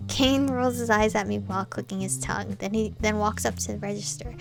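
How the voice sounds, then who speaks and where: A woman's voice: medium pitch, fairly even intonation, brisk, creaky, hardly any pauses, over music. A woman reading a romance visual novel aloud, breaking in with chatty joking asides to herself. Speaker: game playthrough reader.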